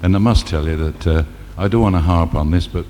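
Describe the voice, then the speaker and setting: A man's voice: sits low, brisk, a little mellow, a little hiss or hum. A man on stage doing chatty patter and telling a story between songs. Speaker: singer and stage entertainer. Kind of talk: live stage patter with jokes and song snippets. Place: stage in a concert venue. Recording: live hall with long reverb.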